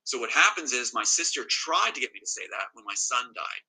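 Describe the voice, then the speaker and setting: A man's voice: medium pitch, big pitch swings, fairly quick, gravelly, pushed and bright, slightly rough, poor audio. A man telling an interviewer an emotional personal account, agitated and emphatic, often repeating himself. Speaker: interview guest.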